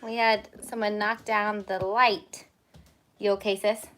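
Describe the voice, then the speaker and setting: Bright-voiced chatty woman baker. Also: medium pitch, level tone, a little slow. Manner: chatty, greets viewers by name and breaks off to tell her children what to do. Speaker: home baker hosting a live baking stream. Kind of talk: casual live-stream chat. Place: small home kitchen. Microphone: phone.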